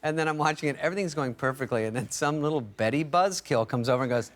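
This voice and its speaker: A man's voice: on the high side, fast, slight background noise. A middle-aged man, a talk show guest, telling a comic story in a wry, mocking way and acting out the voices of the people in it.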